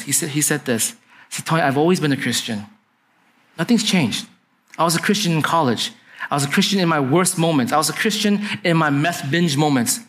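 A man's voice: on the high side, fairly bright tone. Casual-sounding male pastor telling a story. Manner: conversational, often asks "right?" to the congregation. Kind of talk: sermon storytelling.

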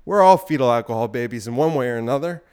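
Male podcast host, smooth resonant voice, slightly out of breath, rambling provocative monologue. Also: mid-range voice, lively intonation, fast talker, a little mellow. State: out of breath while exercising.

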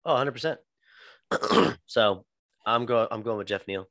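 A man's voice: medium pitch, lively intonation, measured pace, fairly bright tone, no room sound, clean studio sound. A young man co-hosting a podcast, laid-back, announcing the next matchups and agreeing along. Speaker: podcast co-host. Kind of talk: casual fight-talk podcast chat.

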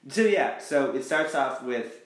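A man's voice: mid-range voice, animated, a little slow, echoey room. A man co-hosting a podcast, recapping episodes in casual chat and acting out quotes in mocking voices. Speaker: podcast co-host.

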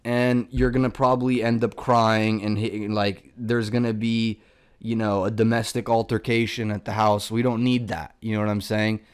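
A man's voice: fairly low pitch, little pitch movement, moderate pace, clear, resonant tone. Profane ranting guy. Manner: profane, rambling, exasperated rant full of filler words. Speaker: comedian. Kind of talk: casual ranting monologue.

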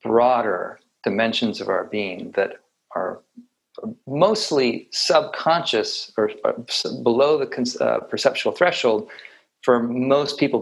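A man giving a reflective meditation talk with light humor, often pausing and restarting his sentences. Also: medium pitch, gravelly, rough recording. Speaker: meditation teacher.

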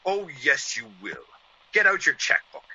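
An actor playing a vengeful, menacing ex-convict who sneers and gloats, in 1940s radio acting on a dull old radio recording. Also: male voice, a little high, wildly swooping pitch, measured pace, sharp tone, a little hiss or hum, voice pushed up, exaggerated voice. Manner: sneering, theatrical villain with gloating laughs.

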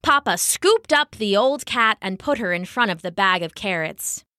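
A woman narrating a children's story in an expressive, animated way. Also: mid-range voice, moderate pace, dry recording, studio quality.

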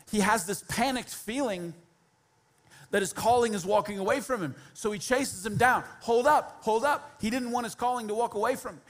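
A man in his thirties preaching a sermon as pastor, telling a biblical story in an animated way and acting out its characters. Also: high voice.

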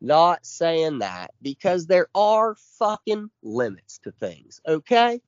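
A man's voice: fairly high pitch, very animated, slow pace, no echo, muffled recording. Profane ranting man on a podcast. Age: 40s. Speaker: podcast co-host. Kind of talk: casual chat.

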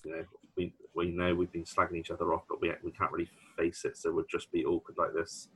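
A man's voice: sits low, completely flat delivery, quick pace, fairly bright tone, breathy edge. A British man co-hosting a podcast, chatting casually about a sitcom and thinking aloud with restarts and fillers. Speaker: podcast co-host. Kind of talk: casual chat recapping a sitcom episode.

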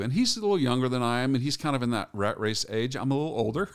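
A middle-aged man with a mid-range voice co-hosts a casual faith podcast, his pitch rising and falling in lively swings. He tells stories in a loose, rambling way, often stopping to restart a thought. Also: fast, clean tone. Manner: rambling, storytelling, self-correcting. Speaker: podcast co-host.

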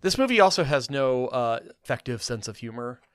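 A man talking casually about a movie, rambling with lots of restarts and fillers, getting animated as he argues. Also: medium pitch, a little fast, clear, resonant tone, no room sound. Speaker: film podcast co-host. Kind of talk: casual film review chat.

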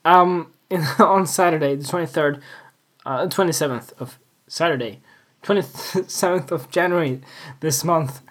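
A man's voice: fairly high pitch, measured pace, a bit bright. A man hosting a casual solo podcast, rambling and joking about his week, laughing at himself often. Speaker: podcast host. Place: home room with window open.

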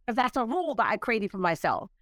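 Woman in her sixties, chatty guest, animated storyteller, dry close sound. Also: a little high, fast, no room sound. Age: 60s. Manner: animated, laughing, acts out quoted voices. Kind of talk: casual storytelling interview.

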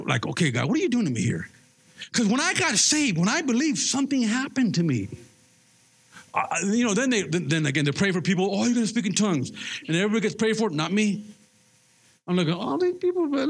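A man's voice: high voice, creaky, a little hiss or hum. A man preaching a sermon, telling his own conversion story with lots of acted-out dialogue, often repeating and restarting words. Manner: animated storytelling, acts out quoted dialogue. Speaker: pastor. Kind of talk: sermon with personal testimony.

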